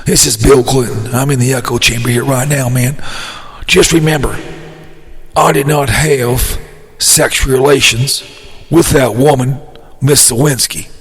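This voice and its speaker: A man's voice: medium pitch, fairly even intonation, measured pace, breathy edge. A man putting on a laid-back, drawling impression of an older ex-president who ends every phrase with "man". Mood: mellow.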